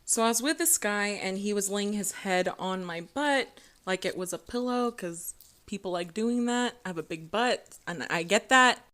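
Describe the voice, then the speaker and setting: A woman's voice: mid-range voice, moderate pace, a bit bright. A woman casually telling a personal story with open, humorous delivery. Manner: open, humorous, exasperated punchline.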